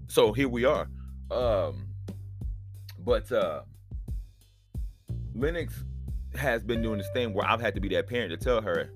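A man hosting his own podcast, talking in a rambling, profane, animated solo monologue. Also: on the low side, normal speed, soft background music. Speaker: podcast host.

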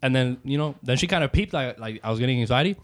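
Fast-talking man with a Miami accent. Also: medium pitch. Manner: animated, profane, mixes in Spanish. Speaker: podcast co-host. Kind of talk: casual storytelling chat.

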